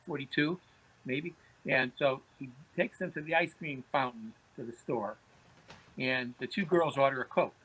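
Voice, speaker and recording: A man's voice: medium pitch, normal speed, a bit bright, slightly rough, low-quality recording. A man, a podcast guest telling anecdotes in conversation, often repeating words as he starts phrases. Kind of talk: storytelling in conversation.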